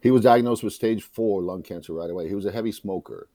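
A man's voice: fairly low pitch, quick pace, dark tone, dry recording. A middle-aged man from South Boston with a Boston accent, telling his own story candidly, emotional and profane with many restarts. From South Boston, USA. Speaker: memoir author, guest.

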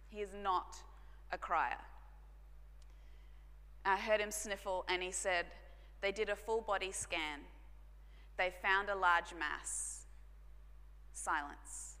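A woman pastor, telling a personal story in a sermon, earnest and dropping to hushed tones for emphasis. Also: medium pitch, takes it slowly, long pauses. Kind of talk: sermon testimony. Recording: long hall reverb.

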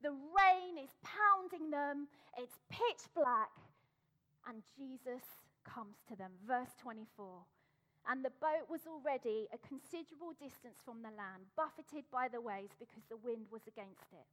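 A woman's voice: high-pitched, lively intonation, a little slow, fairly bright tone. A middle-aged woman preaching a sermon, emphatic and repeating her phrases for effect.

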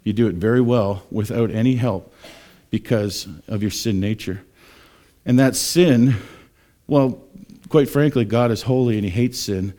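A man gives a church sermon at a middle pitch and a steady pace. He drops to a low, quiet tone for prayer. Now and then he mocks scoffers in a high, put-on voice. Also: measured pace. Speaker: pastor.

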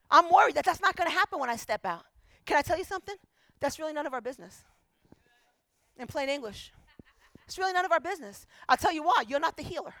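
A woman pastor preaching a sermon, telling a story with animated quoted voices and emphatic repetition. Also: sits high, fast, dry recording.

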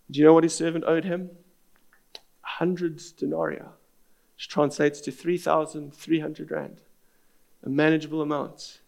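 A man's voice: a little high, vocal fry, a little mellow. A man, preaching a sermon as pastor in an earnest, storytelling manner.

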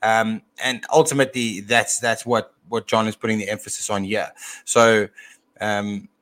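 A man co-hosting a casual talk show and teaching from scripture, often pausing and repeating words as he thinks aloud. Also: lowish voice, fairly even intonation, fairly bright tone. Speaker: podcast co-host and Bible teacher; father.

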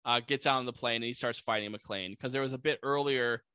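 A man casually recapping a movie plot, animated and full of "like" fillers, jumping into quick voices for the characters. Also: mid-range voice, clean tone, dry recording. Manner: many "like" fillers.

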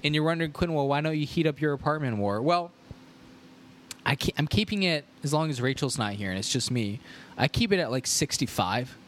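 A young man hosting a podcast, chatting casually in a rambling, jokey way with animated asides. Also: fairly high pitch, a little fast, slight background noise. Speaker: podcast host. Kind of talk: casual solo podcast chat.

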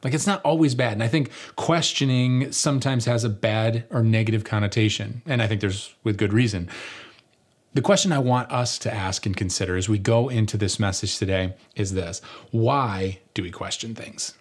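A man's voice: lowish voice, a little fast. A man, a lead pastor, giving a sermon in a conversational storytelling way.

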